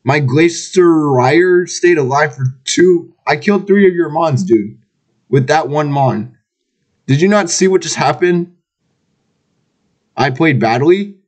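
A man's voice: fairly high pitch, animated, slow pace, a little mellow. A man chatting casually over voice chat while gaming, teasing and trash-talking his friends. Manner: teasing, playful trash talk. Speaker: online game player.

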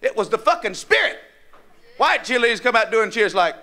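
A man with a North Carolina Southern accent doing a crude stand-up set, with a rough, profane, drawling punchline delivery. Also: sits high, very animated, moderate pace, bright, forceful tone. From North Carolina, USA. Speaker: stand-up comedian. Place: comedy club stage. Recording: live club with crowd laughter and noise.

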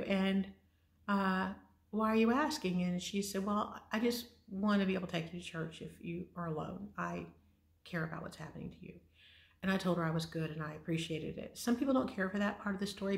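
A middle-aged woman tells her own story in a candid, wry, conversational way. Her voice sits low and has a gravelly edge. She is recorded in an echoey room. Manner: candid, wry, with sighs and laughs. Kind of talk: casual personal storytelling.

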